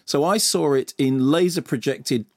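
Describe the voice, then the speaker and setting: A man's voice: a little high, measured pace, no room sound, studio quality. A man reviewing films on the radio. He talks with enthusiasm and often stumbles and starts his sentences over. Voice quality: enthusiastic, lots of stumbles and restarts. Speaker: film critic. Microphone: studio radio mic.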